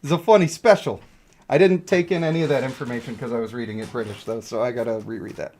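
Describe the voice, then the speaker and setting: A man's voice: medium pitch, fairly even intonation, racing, a little mellow. A young man streaming a mobile game, rambling and joking as he thinks aloud about characters. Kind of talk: casual live-stream commentary.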